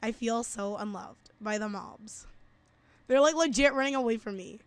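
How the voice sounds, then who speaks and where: A woman's voice: fairly high pitch, moderate pace, clean tone, no room sound. A woman chatting casually while playing a game, giggly and chatty, calling her friend "girl" and chanting playful taunts. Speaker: gameplay video host. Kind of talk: casual gaming chat.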